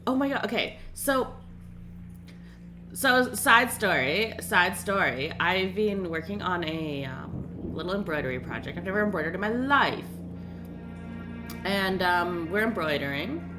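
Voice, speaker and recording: A woman's voice: fairly low pitch, expressive, over music. A young woman streaming a game in casual, rambling chat and laughing often. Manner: chatty, rambling, quick to laugh.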